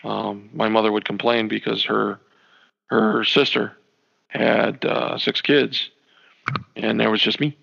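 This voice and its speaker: A man's voice: fairly low pitch, takes it slowly, vocal fry, pauses often, husky. A man co-hosting a casual podcast, laughing often and acting out what people said. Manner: laughing, animated, acts out quotes. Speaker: podcast co-host. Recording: dull lo-fi sound.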